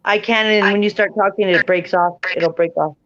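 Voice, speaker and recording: A woman's voice: medium pitch, steady tone, moderate pace, a bit bright. A woman answers questions as a witness in a mock trial, brief and hesitant. Her voice comes through a muffled video call.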